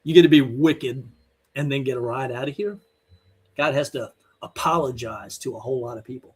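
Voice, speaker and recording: A man's voice: mid-range voice, fairly quick, darkish tone, slight background noise. A man giving an online teaching sermon, emphatic, blunt and scolding as he presses his point. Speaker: Bible teacher.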